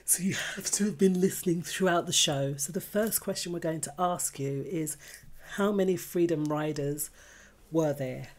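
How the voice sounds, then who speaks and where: A woman co-hosting a casual chat show, feeling a bit unwell, chatty and quick to laugh. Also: deep voice, darkish tone. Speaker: podcast co-host.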